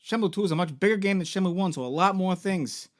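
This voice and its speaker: A man with a high voice retells a video game's story as a comedy bit. He rambles, swears freely and jokes along as he talks. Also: fast talker. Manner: rambling, profane, joking. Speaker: video game store founder and host.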